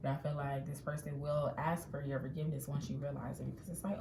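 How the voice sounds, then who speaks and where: A woman giving a casual tarot reading in a chatty, animated way, acting out what people might say. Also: sits low, fast, vocal fry. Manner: chatty, animated, acts out quotes. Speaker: tarot reader. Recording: echoey room with faint ambient noise.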